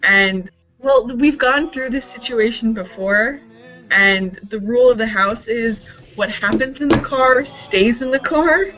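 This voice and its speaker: A woman's voice: fairly high pitch, measured pace, sharp tone. A woman co-hosting a podcast in casual chat, playful and self-mocking. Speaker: podcast co-host. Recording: slightly muffled recording, faint music.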